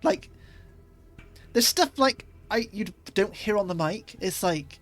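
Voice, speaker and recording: A woman's voice: mid-range voice, expressive, slow, fairly bright tone, faint music behind. A woman streamer chatting casually as she plays, rambling a little with fillers. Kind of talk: casual gaming stream commentary.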